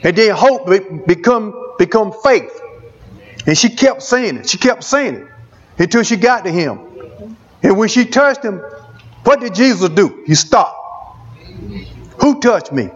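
A man's voice: high voice, expressive, unhurried, slightly rough, muffled recording. A man preaching a testimony sermon, repeating phrases for emphasis.

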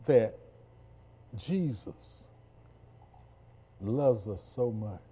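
Slow, mellow-voiced preacher man. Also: fairly low pitch, lively intonation, slightly rough. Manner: slow, emphatic preaching with call-and-response. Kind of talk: sermon.

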